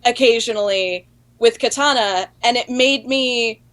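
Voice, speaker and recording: A woman's voice: on the high side, unhurried, a bit bright. A woman co-hosting a podcast, chatting casually and ranting at length with strong opinions. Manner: opinionated, talks in long run-on rants. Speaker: podcast co-host. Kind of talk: casual panel chat.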